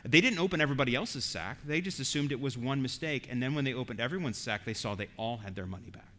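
A man's voice: medium pitch, animated, quick pace, bright, forceful tone, slight background noise. A man preaching an expository sermon as pastor, earnest and emphatic, often repeating words as he goes.

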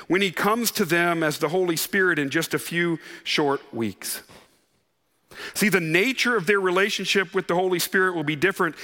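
A male pastor with a high, bright voice delivers an earnest sermon. He asks the congregation questions. His words carry a long hall reverb from the sanctuary.

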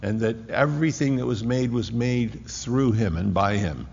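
A man preaching a sermon in an emphatic way, often restarting with quick repeated words. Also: mid-range voice, vocal fry, a little mellow, breathy edge. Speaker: pastor. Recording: echoey hall, dull lo-fi sound.

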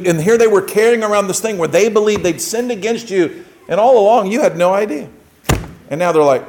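A pastor with a high-pitched, expressive, slightly mellow voice preaches a conversational sermon to his congregation at a quick pace. Along the way he acts out short everyday exchanges, quoting little back-and-forth bits. The audio quality is poor.

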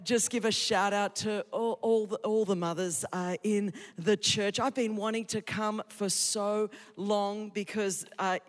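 A woman in her fifties with an Australian accent, preaching an energetic, joking sermon to a church congregation. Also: medium pitch, a little slow, hardly any pauses. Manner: exuberant, joking, emphatic. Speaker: guest preacher. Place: large church auditorium. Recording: reverberant church hall.

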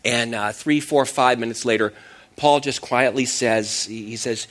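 A man's voice: medium pitch, a little slow, a bit bright. A middle-aged man preaching a sermon, telling a personal story in a self-deprecating way with frequent restarts. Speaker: pastor.

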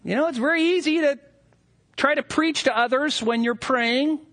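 A man preaching a sermon, talking animatedly and mocking hypocrites with quick impressions. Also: extremely high pitch, fairly bright tone. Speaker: pastor.

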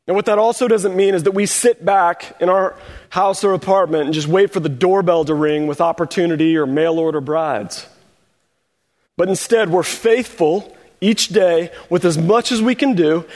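A man's voice: fairly high pitch, long reverb tail. A man preaching a sermon in a conversational way, acting out short quoted voices of the people in his story. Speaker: pastor.

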